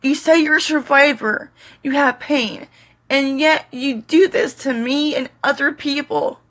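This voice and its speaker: A middle-aged woman vlogging straight to camera, tearful, pleading and defiant, speaking in short halting fragments. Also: high-pitched, fairly bright tone. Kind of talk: emotional direct-to-camera monologue.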